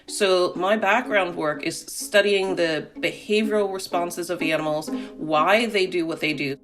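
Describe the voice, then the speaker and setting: Calm woman scientist explaining her field. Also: lowish voice, measured pace, music in the background. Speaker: animal behavior scientist. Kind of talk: interview answers.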